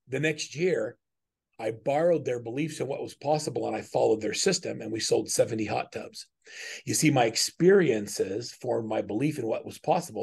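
A man's voice: mid-range voice, vocal fry, darkish tone, slightly rough. A middle-aged man speaking as a business coach in a webinar, teaching earnestly and conversationally through personal stories, often restarting his sentences.

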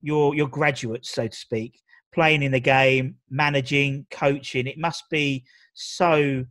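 A man's voice: mid-range voice, steady tone, takes it slowly, a bit bright, no echo. Guy interviewing, chatty and encouraging, dry close sound. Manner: encouraging, frequent short agreements. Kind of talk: casual interview questions.

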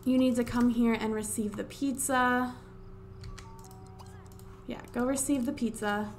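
A woman's voice: a little high, slow, long pauses, soft background music. A woman giving casual gameplay commentary at home, exasperated, talking to the game characters and drawing out her wows. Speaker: let's play host. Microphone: desk USB microphone.

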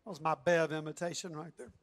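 A man preaching a sermon in an animated, emphatic, conversational way. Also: on the high side, quick pace.

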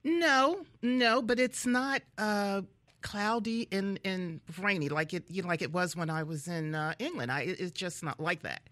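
A woman's voice: mid-range voice, normal speed, fairly bright tone, dry recording. A woman from the Philadelphia area hosting a casual radio interview, chatty and laughing often. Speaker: radio host.

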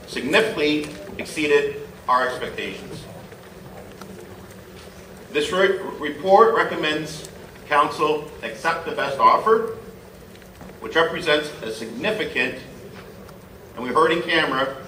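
A man's voice: on the high side, bright, forceful tone, distant mic, slight background noise. A man, a mayor, giving a formal council speech and stressing key words by repeating them. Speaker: mayor moving a motion at city council. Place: large council chamber. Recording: echoey chamber audio from afar.

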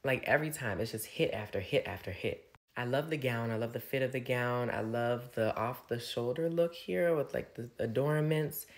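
This young man, speaking at a moderate pace with a medium pitch, chats through a casual red carpet recap as a fashion commentator. His talk is full of gushing enthusiasm and endless "like" fillers.

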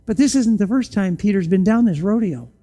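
Preaching a sermon in church, this pastor has a mellow, warm voice of middling pitch and talks a little fast. He's animated, throwing out pointed rhetorical questions and suddenly dropping to a hushed, low voice for emphasis.

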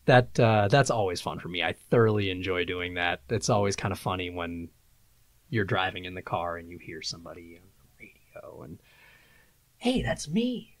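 A man, a voice-over artist and production engineer, telling lively anecdotes in a casual interview. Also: deep voice, a little fast, no room sound. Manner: animated, laughing anecdotes, acts out quotes. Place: acoustically treated office.

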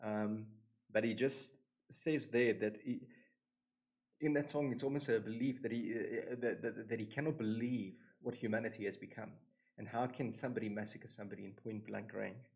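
A man hosting a reaction video, talking in an earnest, emotional and devout way with many pauses, recorded in a new home studio. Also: fairly low pitch, steady tone, darkish tone, low-quality recording. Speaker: reaction channel host. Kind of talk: casual reaction commentary.

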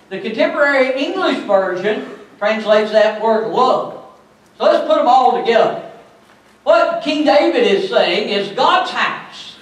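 A man pastor preaching a sermon in a church, building to loud emphatic bursts. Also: high voice. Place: church sanctuary. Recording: very echoey church from far off.

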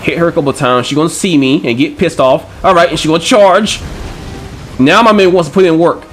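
A man giving excitable gameplay commentary, swearing and trash-talking enemies with frequent panicked outbursts. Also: on the high side, fairly quick, a little hiss or hum. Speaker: gaming channel host.

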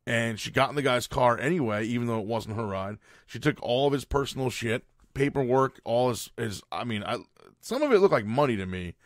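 This podcast host has an expressive, mid-range voice and talks fairly quickly. He tells a story as a casual rant, blunt, swearing and exasperated, in a dry, studio-quality recording.

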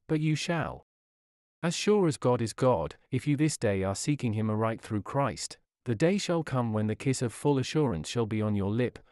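A man's voice: medium pitch, darkish tone, no room sound. Man reading an old sermon, earnest formal preaching, dry close sound. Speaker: sermon reader. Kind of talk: read Victorian sermon.

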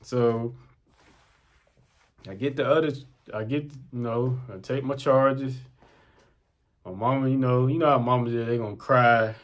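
A man's voice: medium pitch, a little slow, long pauses. A young man telling a personal story in casual, slangy talk, often repeating his phrases. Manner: animated, slangy, repeats himself.

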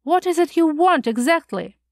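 A woman's voice: high voice, expressive, moderate pace, no room sound, clean studio sound, voice pushed up. A woman reading the lines of a sulky, curt young male teacher who speaks coldly. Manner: cold and curt.

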